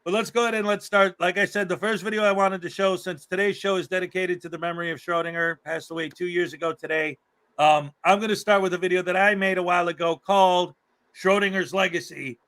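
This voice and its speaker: A man's voice: high voice, steady tone, quick pace, a bit bright. A man hosting a livestream in casual chat, upbeat and repeating words for emphasis. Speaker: livestream host.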